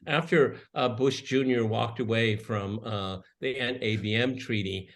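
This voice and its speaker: Halting man asking questions. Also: medium pitch. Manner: halting, restarts his questions. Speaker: co-host. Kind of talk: interviewer questions.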